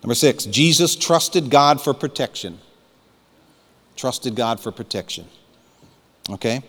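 A man's voice: mid-range voice, expressive, a little slow, fairly bright tone. Fervent preacher man, hall reverb. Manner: fervent, emphatic preaching with repeated calls to listen. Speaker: pastor. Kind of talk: sermon.

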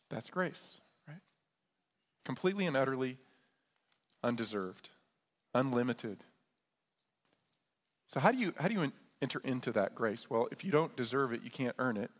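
A man's voice: mid-range voice, expressive, normal speed, pauses often. Man preaching in an echoey church. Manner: conversational preaching, often asks "right?". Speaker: pastor. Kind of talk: sermon. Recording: long church reverb.

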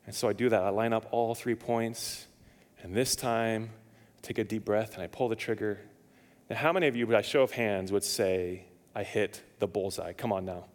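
A pastor who once lived in Nevada and now lives in Indiana preaches a sermon in a low-ish voice at a moderate pace, with church sanctuary reverb around him. He tells humorous stories, acts out the dialogue, and jokes with his congregation.

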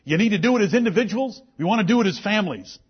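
A man preaching to his church with a husky, high-pitched voice that swoops up and down with great animation. He delivers his sermon emphatically and lends scripture a solemn, old-style ring. The recording sounds dull and lo-fi. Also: animated, very fast. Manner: emphatic preaching with King James scripture quotes. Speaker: pastor.

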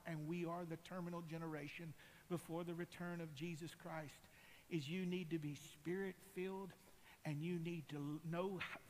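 A man preaching a sermon, impassioned and building to loud cries. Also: a little high, a little hiss or hum. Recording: long hall reverb.

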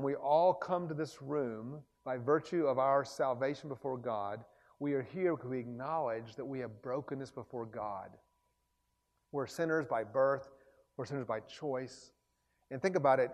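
A man preaching a sermon in a chapel, building to loud, fervent exclamations. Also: a little high, in a large hall. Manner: impassioned, rising to loud exclamations.

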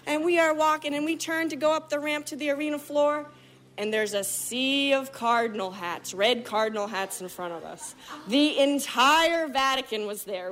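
Animated woman telling a story on stage. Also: high voice. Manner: animated, vivid, acts out other people's lines. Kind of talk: live storytelling performance.

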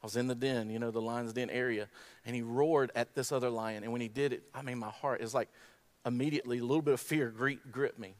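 A man giving a sermon at a graduation service. He tells a story in a relaxed way, rises to a fervent call, and closes with a quiet prayer. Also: medium pitch, fast. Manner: storytelling, climbs to impassioned exhortation. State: tearful at times.

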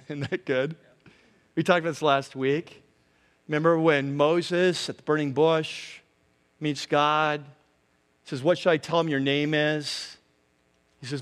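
A man preaching a sermon as pastor, telling the story in an animated way and laughing along as he goes. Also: fairly high pitch, a little slow, long pauses, clear, resonant tone, long reverb tail.

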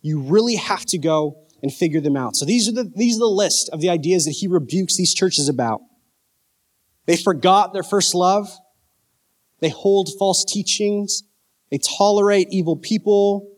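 High-voiced casual youth preacher man. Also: a little slow. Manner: casual, conversational preaching with jokes and questions to the audience. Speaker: youth pastor. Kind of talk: youth sermon.

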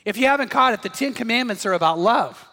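Pastor guy, kinda high voice, storytelling sermon, gets loud on the big lines, church reverb. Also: expressive, fast. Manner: storytelling, emphatic, rises to shouts on key points.

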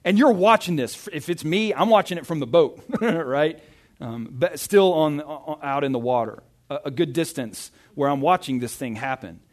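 A male pastor giving a conversational sermon, reading scripture and retelling it with lively asides and stammered restarts. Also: on the high side, normal speed.

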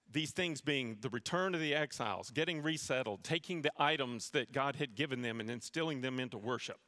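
Bright-voiced man preaching in an echoing hall. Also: mid-range voice, brisk, hardly any pauses. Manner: storytelling with self-deprecating humor. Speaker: pastor. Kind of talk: sermon. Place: church sanctuary.

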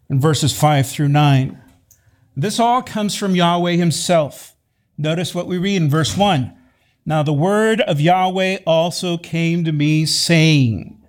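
A man preaching a sermon in a measured, emphatic way, repeating key phrases for weight. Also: fairly high pitch. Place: church sanctuary.

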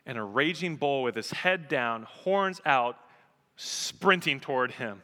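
Bright-voiced pastor preaching in a reverberant hall. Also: male voice, mid-range voice, slow. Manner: animated storyteller, emphatic. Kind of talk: sermon with storytelling.

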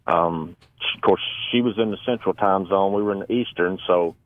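A man on a radio show recounting a personal story in an earnest, casual way, often pausing and restarting. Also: sits low. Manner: earnest, with frequent fillers and restarts. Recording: tinny phone line.

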